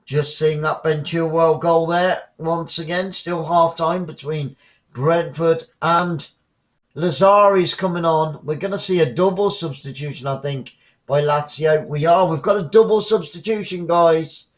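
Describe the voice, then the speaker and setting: Excitable Southern English football commentator. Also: male voice, fairly high pitch, measured pace, highs cut off. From England. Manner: excitable, shouts on goals, chatty asides. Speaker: fan commentator.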